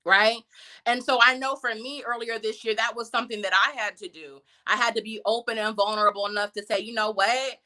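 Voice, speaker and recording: A woman's voice: on the high side, fairly even intonation, a little fast, bright, forceful tone. A woman speaking as a featured guest on a live stream, giving a conversational and emphatic motivational talk full of rhetorical questions.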